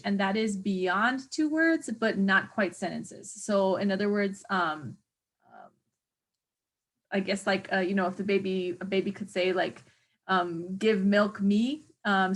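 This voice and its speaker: Woman instructor, mid-pitch, casual lecture delivery, filler-heavy, searches for words. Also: fairly bright tone. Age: adult parent of a young child. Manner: chatty, hesitant, many fillers, searches for words. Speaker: teacher educator. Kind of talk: exam review lecture.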